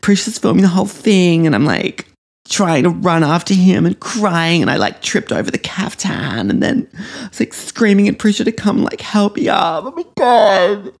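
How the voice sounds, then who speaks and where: A man's voice: mid-range voice, moderate pace, natural voice. A man voicing a vain, dramatic, self-obsessed young woman, rambling through a story packed with "like" and "um". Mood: hysterical. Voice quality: filler-heavy, constant "like" and "um". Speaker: comedy podcast character. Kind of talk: scripted comic monologue.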